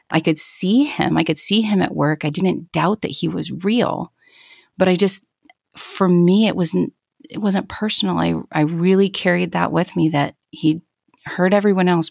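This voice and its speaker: Woman, 30s, low gravelly voice, earnest testimony, dry close sound. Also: a little mellow, no echo. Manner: earnest, reflective storytelling with restarts. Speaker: guest. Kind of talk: personal testimony in an interview.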